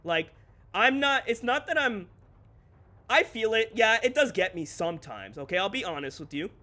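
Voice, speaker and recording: A male streamer with a high, bright, sharp-edged voice chats loosely with his live audience. He rants candidly and swears freely, breaking into quick laughs between his points. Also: big pitch swings. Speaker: streamer and content creator. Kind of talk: casual livestream chat.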